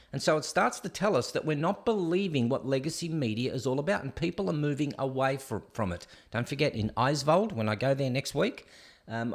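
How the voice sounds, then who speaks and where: A man hosting a live stream show. He rants with sarcasm and talks straight to his viewers. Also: medium pitch. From Australia. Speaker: host. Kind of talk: opinionated live-stream commentary.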